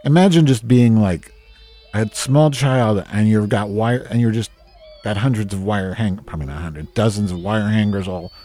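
A man's voice: fairly low pitch, normal speed, warm tone, soft background music. A man from New Jersey hosting a casual ranting monologue, grumpy, sarcastic and full of swearing. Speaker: host.

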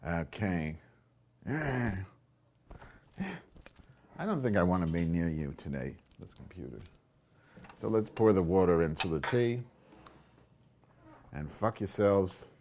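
A man's voice: sits low, expressive, slow pace, pauses often, darkish tone. A man hosting a crude, rambling live-stream from home, swearing at his viewers and muttering asides as he makes tea. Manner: profane, sarcastic, mock-insulting to viewers. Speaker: live webcam show host. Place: home, indoors. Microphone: computer microphone.

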